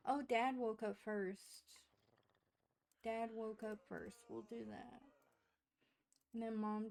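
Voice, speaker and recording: A woman's voice: mid-range voice, creaky, dark tone. A woman casually narrating a life-simulation game, chatting to her characters as she plays. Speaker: gaming streamer. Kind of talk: casual let's-play narration.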